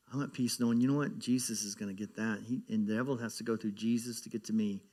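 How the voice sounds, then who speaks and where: A man's voice: medium pitch, a little mellow. A man giving a sermon as pastor, talking in a conversational way, often repeating words and growing emphatic as he preaches.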